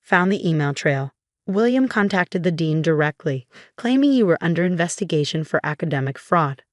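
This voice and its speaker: A man's voice: on the high side, animated, moderate pace, no echo, studio quality, close to an everyday voice. A woman reading a matter-of-fact journalist. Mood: factual.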